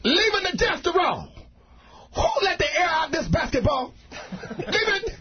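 A man voicing a loud, scolding Southern father who yells at his children, with a brash hollering delivery and a Southern accent. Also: extremely high pitch, big pitch swings, a little slow, voice pushed up, exaggerated voice. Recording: dull radio audio with crowd.

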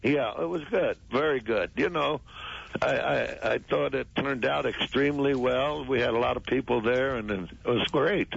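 An older man calling in as a radio guest, halting and repeating words as he talks. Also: medium pitch, gravelly, breathy edge. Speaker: phone-in guest. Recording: dull lo-fi phone-in audio.

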